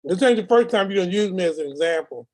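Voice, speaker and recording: A man's voice: high voice, fast. Blunt swearing man on a call. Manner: animated, blunt, swearing, repeating himself. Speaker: call participant. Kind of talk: casual testimony.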